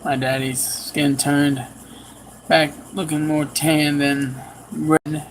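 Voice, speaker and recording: A man preaching a sermon, telling a personal story with animated swings in pitch and pace. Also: slow pace, a little hiss or hum, low-quality recording.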